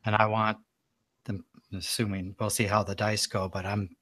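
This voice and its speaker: A man's voice: lowish voice, flat delivery, moderate pace, bright, forceful tone, no room sound, studio quality. A man playing a tabletop game, describing his moves in a casual, eager way. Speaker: player.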